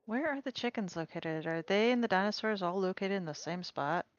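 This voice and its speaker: A woman streaming a farming game with a friend, playful and full of quick questions. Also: mid-range voice, expressive, dry recording. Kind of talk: casual co-op gameplay chat. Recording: dry, dull lo-fi mic.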